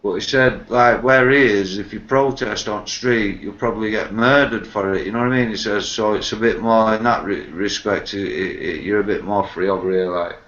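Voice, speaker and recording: A man's voice: on the low side, normal speed, few pauses, fairly bright tone. A man chatting casually, swearing constantly and telling stories with acted-out quotes. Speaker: podcast host. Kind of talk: casual chat. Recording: dull lo-fi recording.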